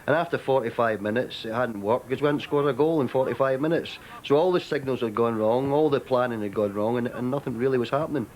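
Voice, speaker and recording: A man's voice: mid-range voice, darkish tone. A man, a former footballer, recalling team memories thoughtfully in an interview. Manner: thoughtful, unhurried recollection. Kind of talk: reflective interview.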